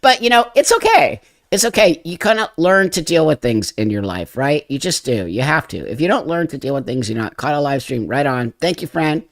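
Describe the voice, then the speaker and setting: A man's voice: medium pitch, lively intonation, fairly quick, few pauses. A man hosting a casual phone livestream, talking bluntly and emphatically to viewers. His voice is froggy, with a slightly helium-like edge. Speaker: livestream host. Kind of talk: casual livestream chat, answering viewer comments.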